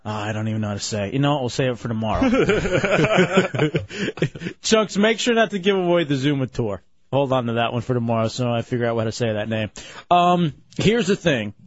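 A man hosting a radio show, chatting casually and joking around, quick to rattle off phone numbers. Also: mid-range voice, very animated, no echo. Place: radio studio. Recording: slightly muffled broadcast audio.

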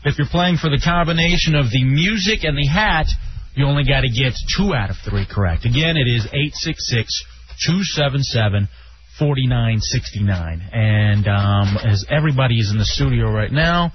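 A man's voice: mid-range voice, lively intonation, moderate pace, a little hiss or hum. A man hosting a casual radio show, joking around and reading promos and phone numbers. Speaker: radio host. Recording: dull lo-fi radio audio with music.

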